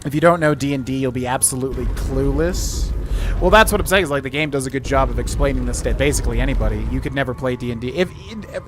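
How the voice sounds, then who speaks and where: A man's voice: medium pitch, fast talker, music in the background. A man streaming a video game, chatting casually and thinking aloud with lots of fillers as he works through a puzzle. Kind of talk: casual let's-play commentary.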